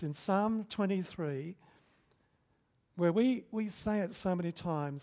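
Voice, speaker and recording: A middle-aged man preaching a sermon as pastor, swinging from loud emphatic bursts to soft hushed stretches. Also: sits high, slow, pauses often.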